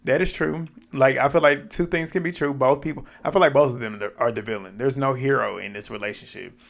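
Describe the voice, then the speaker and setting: A man giving casual reality TV recap commentary in an animated, blunt way, swearing and laughing at what happened. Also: mid-range voice, brisk, gravelly.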